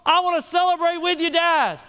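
A preacher putting on a whiny self-pitying older brother. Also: male voice, on the high side, lively intonation, takes it slowly, clean tone, voice pushed down. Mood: eager. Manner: whiny, indignant. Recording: reverberant hall.

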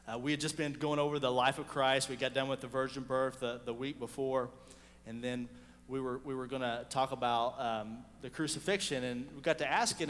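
Animated preacher telling a story in a hall. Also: male voice, fairly high pitch. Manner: storytelling, animated, swings from loud to hushed. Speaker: pastor. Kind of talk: sermon.

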